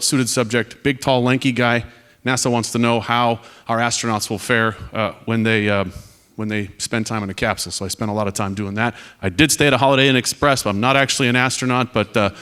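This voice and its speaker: A man's voice: medium pitch, fairly bright tone. Earnest retiring airman giving a talk. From United States. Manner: earnest, direct and storytelling, with wry asides. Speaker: panel speaker, retiring Air Force officer. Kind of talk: speech to students with slides.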